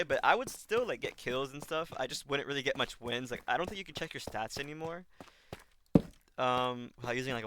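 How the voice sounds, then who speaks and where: A young man rambling casually while playing a game on stream, often restarting his sentences as he thinks aloud. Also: mid-range voice. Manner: rambling, self-correcting, talks while playing. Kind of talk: casual gaming stream chat. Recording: loud background noise with clicks.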